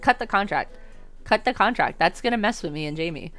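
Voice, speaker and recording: A woman streamer playing a dating game, who gives loud, joking, playful commentary as she plays. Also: mid-range voice, animated, fairly quick, faint music behind. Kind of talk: let's-play commentary.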